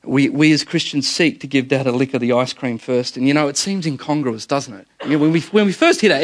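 A middle-aged man preaching a sermon as pastor, telling stories with animated energy, often repeating words and calling his listeners guys. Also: medium pitch, fairly quick, few pauses.

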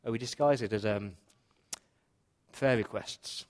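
A man's voice: on the low side, a little slow. A male pastor giving a sermon in church, earnest and repeating key points for emphasis.

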